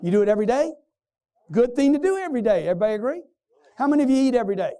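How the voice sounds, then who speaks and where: On stage at a motivational sales seminar, a male sales trainer quizzes the live audience and acts out customers in punchy bursts. His voice is extremely high, expressive, and mellow, racing along.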